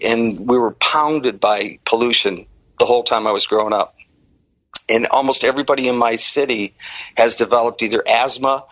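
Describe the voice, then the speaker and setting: A middle-aged man from the Detroit area tells his own story in an interview and acts out the people he quotes. His delivery is lively and animated. The recording is dull and lo-fi, with a dry sound. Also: medium pitch, no echo. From Detroit area, Michigan.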